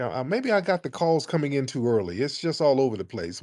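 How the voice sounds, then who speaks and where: A man's voice: mid-range voice, very animated, a little fast, few pauses, a little mellow, dry recording. Blunt, impatient male call-in host. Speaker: radio show host. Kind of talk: live call-in commentary.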